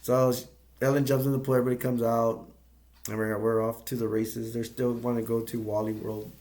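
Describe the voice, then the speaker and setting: A man's voice: mid-range voice, little pitch movement, fairly quick, darkish tone. A man casually retelling a movie's plot as a reviewer, rambling with restarts and loose asides.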